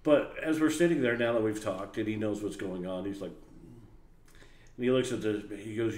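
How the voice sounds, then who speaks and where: Speaking to camera at normal speed, a man with a fairly low pitch casually tells a story from work. He's an animated storyteller who does the voices of the other people in it. The room is echoey, with faint noise in the background.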